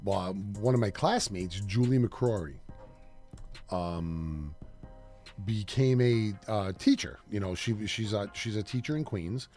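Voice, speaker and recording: A man's voice: on the low side, takes it slowly, warm tone, faint music behind. A man co-hosting a casual podcast, rambling and correcting himself as he tells stories. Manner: rambling, self-correcting storyteller. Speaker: co-host.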